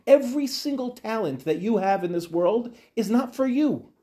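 A man's voice: sits high, animated, normal speed, dark tone. A man, a rabbi, teaching a Torah class to young women, talking animatedly with rhetorical questions and retold dialogues.

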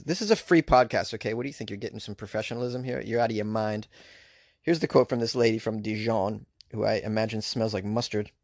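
A man's voice: medium pitch, gravelly, darkish tone, no room sound, studio quality. A man hosting a podcast, giving comedic commentary on odd news with crude, sarcastic riffs and asides. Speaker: podcast host.

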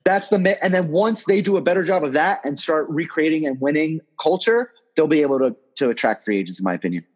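A man's voice: on the high side, expressive, fast talker, muffled recording. Casual rambling man in his thirties. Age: 30s. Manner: rambling, casual storyteller who swears. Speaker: guest, sports agent. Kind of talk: podcast interview storytelling.

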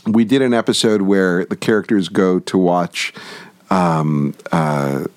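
A man's voice: low voice, steady tone, a little slow, no echo. A man, a television writer, is a podcast guest telling stories with frequent restarts and repeated words. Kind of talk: casual conversational interview.

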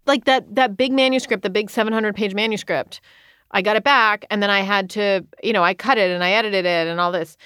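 A woman in her thirties, an author, talking candidly in an interview, earnest and quick with frequent restarts. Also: medium pitch, fairly even intonation, pushed and bright, clear, resonant tone, no room sound, studio quality. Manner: earnest, rushed, many restarts and quoted self-talk.

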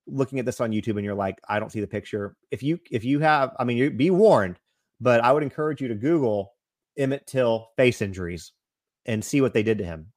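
A man's voice: medium pitch, no room sound. Earnest male co-host, dry sound. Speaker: podcast co-host. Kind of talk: casual discussion.

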